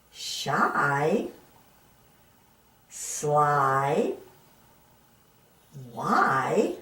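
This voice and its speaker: A woman teaching a children's reading lesson, sounding out letters and words slowly and patiently. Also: mid-range voice, darkish tone. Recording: echoey room.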